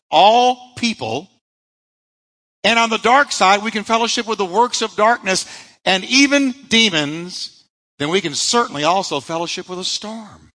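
A man's voice: high voice, sharp tone, big-room sound, poor audio. A male pastor preaching a sermon, emphatic, asking rhetorical questions and answering them himself.

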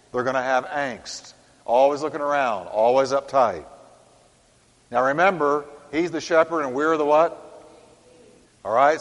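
A man preaching a sermon as pastor, reading scripture aloud with rising force and sinking softly at the ends of phrases. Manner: dynamic preaching, swelling louder on scripture and dropping low. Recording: long reverb of a large hall.

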